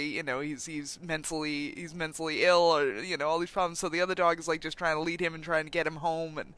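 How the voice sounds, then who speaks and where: A man's voice: a little high, sharp tone. A man hosting a podcast interview, chatting enthusiastically and rambling a little. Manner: enthusiastic, laughs often, rambling. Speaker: podcast host. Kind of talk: casual interview chat.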